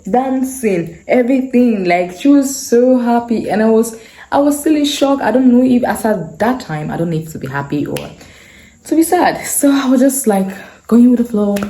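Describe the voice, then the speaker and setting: A woman in her twenties tells a personal story in an earnest, casual way, often repeating phrases for emphasis. Her voice sits low and sounds mellow. The room is echoey. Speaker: vlogger telling a personal story.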